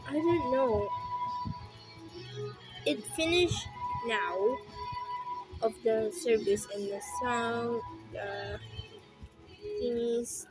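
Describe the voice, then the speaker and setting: A woman with a Filipino accent rambles through a casual vlog. She speaks slowly in a fairly high voice, stopping and restarting often. Music plays clearly behind her. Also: low-quality recording. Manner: halting, restarting, emotional. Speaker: vlogger.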